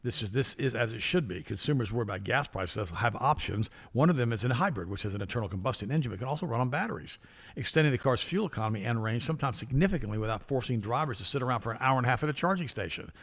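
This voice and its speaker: Middle-aged guy cohosting, talks fast, gravelly, reads news and snarks on it. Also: medium pitch, lively intonation. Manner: reads news items aloud with sarcastic asides. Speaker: co-host. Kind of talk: opinionated talk show commentary.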